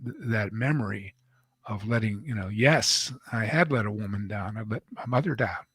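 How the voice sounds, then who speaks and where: An older man, an author and guest, telling a personal story in an interview, halting and emotional. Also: lowish voice, fairly bright tone, breathy edge, no room sound. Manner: halting, emotional, many restarts.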